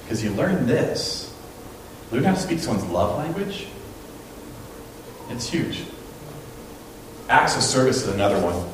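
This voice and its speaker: Male pastor, mid pitch, lively delivery, heard from a distance in a very echoey church hall. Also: unhurried, long pauses, slight background noise. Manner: animated storytelling, acting out quotes. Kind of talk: sermon. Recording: very echoey room, mic at a distance.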